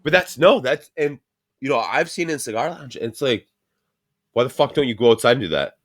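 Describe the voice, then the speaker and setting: A man's voice: mid-range voice, animated, fairly quick, fairly bright tone, no echo, studio quality. A man hosting a podcast, ranting bluntly in casual chat with lots of swearing. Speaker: podcast host.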